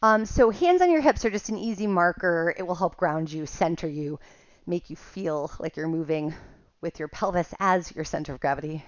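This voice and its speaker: A woman's voice: fairly low pitch, lively intonation, moderate pace, no echo, highs cut off. A woman teaching a Pilates workout at home, cueing each move with counts, a little out of breath. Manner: cueing moves with counts, laughing at herself. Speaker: Pilates instructor. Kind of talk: guided workout instruction.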